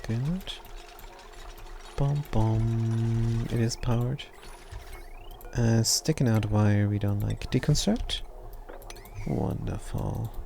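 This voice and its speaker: A man's voice: medium pitch, sing-song, drawn-out words, vocal fry, long pauses, mellow, a little hiss or hum. A German man in his sixties with a German accent, chatting casually and teasingly while live-streaming a game. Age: 60s.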